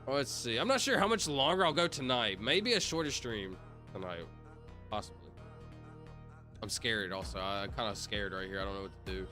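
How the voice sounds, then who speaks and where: A man's voice: on the low side, fairly quick, pushed and bright, soft background music. A young man livestreaming, chatting casually with viewers in a rambling way full of fillers. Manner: rambling, talks to chat, many fillers.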